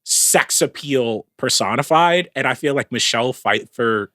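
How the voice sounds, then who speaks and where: A man co-hosting a casual podcast chat, talking in an animated, emphatic way and swearing casually. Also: mid-range voice, a little slow. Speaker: podcast co-host.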